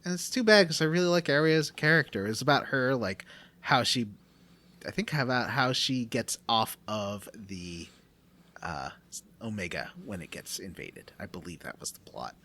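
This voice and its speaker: A man co-hosting a casual podcast, joking around in an animated way and making silly sound effects. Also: mid-range voice, moderate pace. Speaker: podcast co-host.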